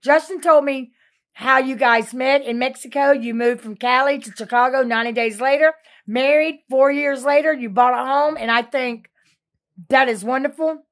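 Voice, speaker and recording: A woman giving a bawdy, joking birthday shout-out. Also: high voice, moderate pace.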